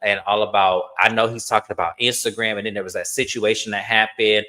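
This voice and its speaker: A man hosting a casual reality TV recap, telling the story in an animated, gossipy way and acting out cast members' lines. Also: lowish voice, fairly quick. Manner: acts out quoted cast members in a raised voice.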